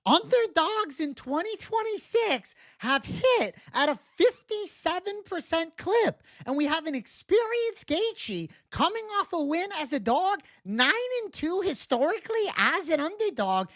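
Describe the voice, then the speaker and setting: A man putting on the voice of an overconfident older male sports-betting tout who speaks slowly and showily. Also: big pitch swings, a bit bright, dry recording, studio quality, exaggerated voice. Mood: boastful. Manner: slow, high, showy pitchman delivery.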